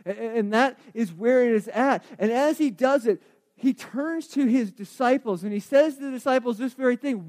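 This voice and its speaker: Male pastor with a very high voice, conversational sermon, hushed asides and loud emphatic points. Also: moderate pace. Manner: conversational, repeats words and restarts.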